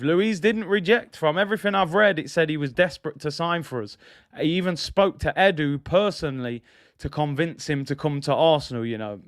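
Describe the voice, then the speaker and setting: Guy riffing on football news, slangy, crisp dry voice. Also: mid-range voice, no room sound. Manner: chatty, slangy, laughs at own jokes. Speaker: football channel host. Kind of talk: casual fan commentary livestream.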